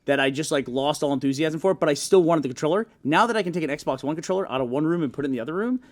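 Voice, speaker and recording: A man's voice: a little high, expressive. A man hosting a gaming podcast, rambling and joking in casual chat. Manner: fast, rambling, jokey asides. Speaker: podcast host.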